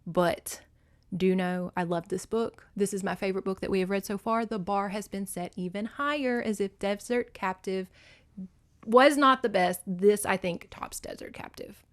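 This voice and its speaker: Podcast host woman, expressive casual monologue, swings from hushed to loud, records on her phone. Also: medium pitch, normal speed. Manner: animated and emotional, swings between loud and soft; laughs and curses freely. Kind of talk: casual book recap monologue.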